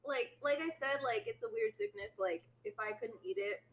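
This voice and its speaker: A woman's voice: a little high, moderate pace, slight background noise, poor audio. A young woman co-hosting a casual podcast with her husband, laid-back and a little hesitant. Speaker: co-host, host's wife.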